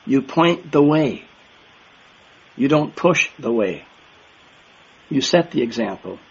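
An older man delivers a sermon with earnest emphasis, repeating his key words to drive them home. His voice is a little husky, and the recording sounds dull and muffled. He talks straight to the congregation in a plain, practical way. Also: mid-range voice, lively intonation, slow pace. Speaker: minister.

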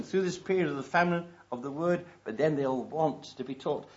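A man's voice: on the high side, lively intonation, moderate pace, hardly any pauses, dull audio. A man preaching a sermon to his congregation, talking in a conversational way that swells into emphatic stresses.

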